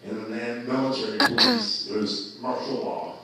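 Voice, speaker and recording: A man at a middle pitch tells a rowdy story in a loose, profane way, laughing as he goes. He sits well back from the mic. The room around him rings with heavy echo. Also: fairly even intonation, normal speed, a loud crowd. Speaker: storyteller guest. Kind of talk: casual storytelling chat. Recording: very echoey, distant mic.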